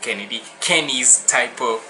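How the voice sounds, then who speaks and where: A young man with a very bright, sharp-edged voice, giving casual reaction commentary. He talks loose and slangy, swears freely and breaks into laughs easily. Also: mid-range voice, unhurried, soft background music. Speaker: reaction video host.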